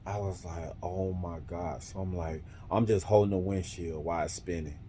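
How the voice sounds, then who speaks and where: Deep-voiced rambling trucker man. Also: steady tone, a little fast, mellow, a little hiss or hum. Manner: rambling, self-correcting, punctuates with "boom". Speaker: truck driver. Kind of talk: casual storytelling.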